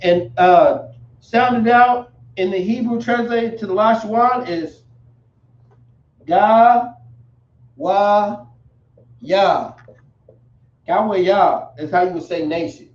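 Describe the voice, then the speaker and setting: A man teaching a language lesson, spelling words out slowly with casual slang asides. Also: high voice. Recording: roomy, dull, from a distance.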